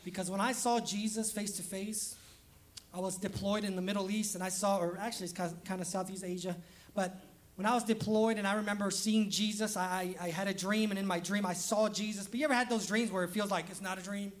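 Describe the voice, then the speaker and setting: A man's voice: high voice, fairly even intonation, a little fast. A man preaching a casual, humorous sermon as pastor, laughing often and acting out quoted voices.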